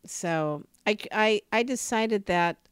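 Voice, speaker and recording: A woman co-hosting a podcast, telling stories in a lively, emphatic way with sudden rises in her voice. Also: slow, clean tone, dry recording, clean studio sound. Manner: animated storyteller, emphatic rises in pitch. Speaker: podcast co-host. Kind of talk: casual podcast conversation.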